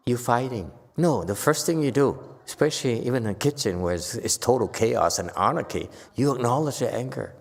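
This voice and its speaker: Gravelly man teaching in a hall. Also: on the low side, fairly quick. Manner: conversational, acts out quoted lines with sudden loud bursts. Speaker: Buddhist teacher. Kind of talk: casual Dharma talk to a group. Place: temple hall.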